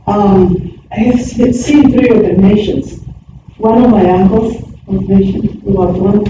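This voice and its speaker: Woman w mexican spanish accent, soft and humble, recorded far off in an echoey room. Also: medium pitch, measured pace. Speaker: church group member. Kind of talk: sharing reflections in a group. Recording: echoey room from far, dull sound, noisy.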